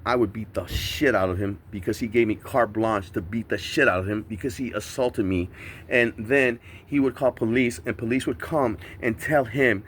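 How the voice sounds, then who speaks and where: A man's voice: fairly low pitch, moderate pace, a bit bright, a little hiss or hum. A man angrily retelling being handcuffed, swearing constantly and acting out the voices of everyone involved. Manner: agitated, profane, mimics voices while retelling. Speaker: man detained by police. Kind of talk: heated recounting of an arrest. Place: outdoors by a street.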